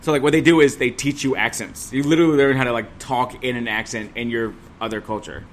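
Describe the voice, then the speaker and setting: A man's voice: medium pitch, steady tone, fast talker. A man talking casually and cursing freely as a guest on a podcast. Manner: joking, swears a lot, slips into a put-on Jamaican voice.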